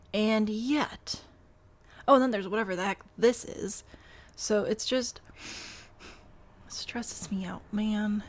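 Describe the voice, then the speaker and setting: Wry woman streaming, with gravelly fry. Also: medium pitch, slight background noise. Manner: wry, self-deprecating, reads chat aloud and answers. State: has the hiccups. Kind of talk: casual live-stream chatter while building in a game.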